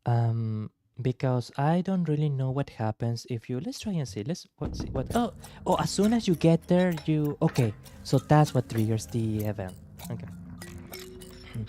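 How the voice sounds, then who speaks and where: A man streaming a game, chatting casually with a hoarse voice and frequent self-corrections. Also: mid-range voice, lively intonation, normal speed, warm tone, a little hiss or hum. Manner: chatty, self-interrupting, bilingual asides. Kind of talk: casual gameplay chat.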